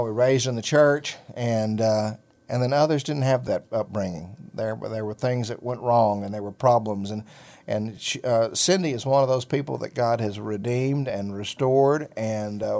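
A man's voice: mid-range voice, steady tone, moderate pace, darkish tone. A middle-aged man hosting a ministry talk show, telling a personal faith story in a folksy, rambling way with many fillers. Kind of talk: casual storytelling chat.

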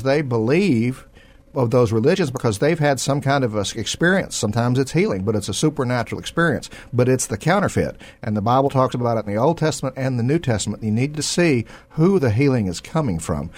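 A man, regular on a Christian talk show, telling a long testimony with many fillers and the odd throat clearing. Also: mid-range voice, darkish tone.

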